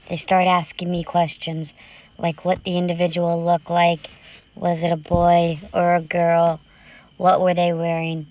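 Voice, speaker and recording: Woman storyteller, lowish voice, unhurried dramatic first-person horror read, urgent tone. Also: a little mellow. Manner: tense, urgent retelling.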